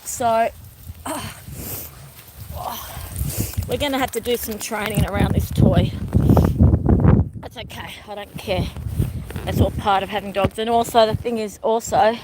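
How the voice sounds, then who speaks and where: A woman's voice: medium pitch, fairly even intonation, measured pace, pauses often, heavy background noise. A middle-aged woman vlogging casually while walking her dogs outdoors, chatting to her viewers and turning to talk to the dogs now and then. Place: outdoors on a walk by water. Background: birds and dogs.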